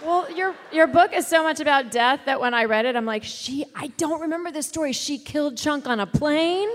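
A woman interviewer with a high voice chats with her guest, reacting to the story. Her voice has a long reverb trailing behind it. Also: brisk. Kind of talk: conversational interview.

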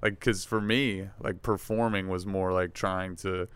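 A young man from Virginia, a comedian guest, chatting relaxed with lots of "like" and casual swearing. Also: low-pitched, unhurried, clean tone, no room sound. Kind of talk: casual chat.

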